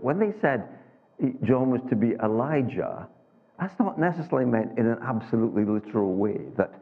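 A man's voice: lowish voice, breathy edge. A man preaching a sermon in a conversational way, full of restarts and rhetorical questions. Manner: conversational, halting with many restarts and rhetorical tags. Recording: tinny phone-like sound.

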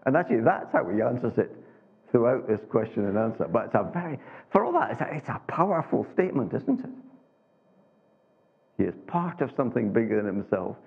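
A man's voice: medium pitch, big pitch swings, gravelly, husky. A man preaching a sermon in a conversational way, full of restarts and rhetorical questions. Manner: conversational, halting with many restarts and rhetorical tags. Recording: tinny phone-like sound.

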